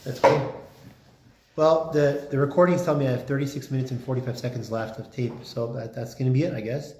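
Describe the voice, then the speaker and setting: A man's voice: medium pitch, brisk. Chatty man lecturing in an echoey classroom. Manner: chatty, filler-heavy, lively emphasis. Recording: roomy classroom echo.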